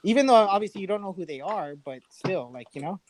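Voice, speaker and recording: A man co-hosting a podcast in loose, animated casual chat, full of fillers and jokes. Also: sits high, fast talker, a little hiss or hum. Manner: animated, filler-heavy, jokey. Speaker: podcast co-host.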